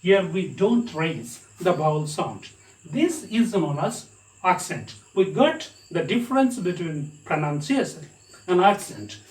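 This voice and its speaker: A man's voice: sits high, very animated, a little slow. A man with an Indian English accent teaching an English lesson. He spells words out letter by letter and checks with his students as he goes. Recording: echoey room, mic at a distance.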